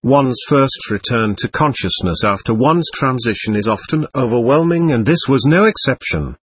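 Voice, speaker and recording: A man reading a story aloud in the first person, with a gentle, expressive telling. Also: mid-range voice, moderate pace, a little hiss or hum. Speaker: narrator.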